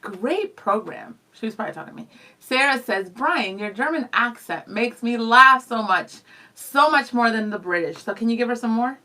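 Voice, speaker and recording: A woman's voice: on the high side, animated, pushed and bright. A woman co-hosting a radio show in the studio, reading listener comments aloud with a bubbly, teasing manner. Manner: bubbly, laughing, quick to tease.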